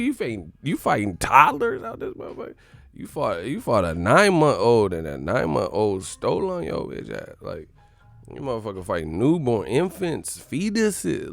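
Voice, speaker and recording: A man with a Californian accent hosting a casual live stream, loud and joking, swearing and laughing a lot. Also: mid-range voice, vocal fry, no echo.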